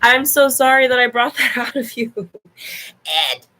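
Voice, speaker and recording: This woman's voice is high, bright and forceful, yet her delivery is flat at a normal speed. Hosting a laid-back livestream from her home into a laptop mic, she jokes, laughs often and swears without restraint. The recording sounds rough.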